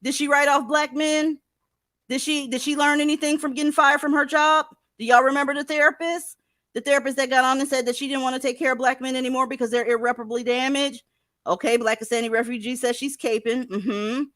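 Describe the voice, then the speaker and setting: A woman's voice: sits high, steady tone, brisk, fairly bright tone, dry recording, clean studio sound. A middle-aged woman hosting a livestream, talking bluntly and emphatically with plenty of profanity. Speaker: livestream commentary host. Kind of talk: casual commentary livestream.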